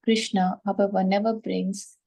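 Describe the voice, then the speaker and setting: A woman reading a scripture commentary aloud to a class in a steady, careful way. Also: mid-range voice, moderate pace, gravelly, poor audio.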